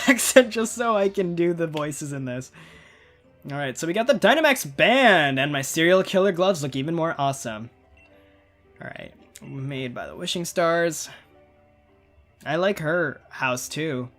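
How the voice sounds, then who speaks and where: Young man, twenties, casual gameplay commentary, chatty, laughs a lot, soft music underneath. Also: a little high. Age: 20s. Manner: chatty, rambling, laughs often. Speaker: gaming video creator. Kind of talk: casual let's-play commentary.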